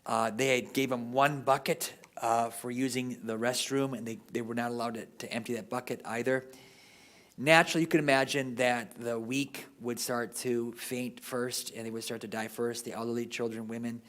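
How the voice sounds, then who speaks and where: A man's voice: medium pitch, fairly even intonation, moderate pace, fairly bright tone. A man giving an informal history lecture at a parish, talking off the cuff and often ending sentences with "right?".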